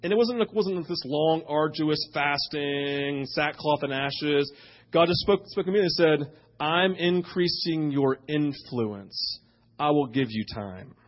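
A middle-aged pastor, preaching and telling a story, swinging between loud punches and hushed moments. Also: male voice, fairly high pitch, takes it slowly, lo-fi sound. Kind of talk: sermon.

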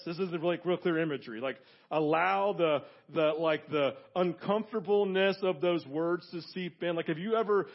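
Guy preaching a sermon, kinda high voice, goes loud then quiet, dull lo-fi sound. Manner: emphatic, swings between loud fervor and hushed asides. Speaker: pastor.

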